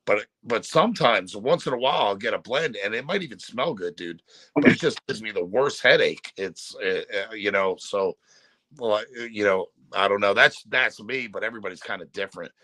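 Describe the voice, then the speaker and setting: A man's voice: on the low side, lively intonation, fairly quick, pushed and bright, no echo. A middle-aged man hosting a casual chat show, rambling through stories and dropping "man" and "dude" as he talks. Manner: laid-back, rambling, says "man" and "dude" a lot. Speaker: show host.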